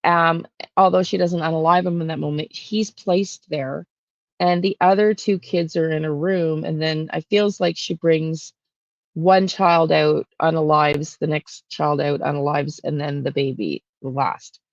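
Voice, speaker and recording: A woman talking straight to camera as a true crime intuitive, rambling and halting with lots of fillers and restarts. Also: low-pitched, steady tone, no echo, dull audio. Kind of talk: casual monologue on camera.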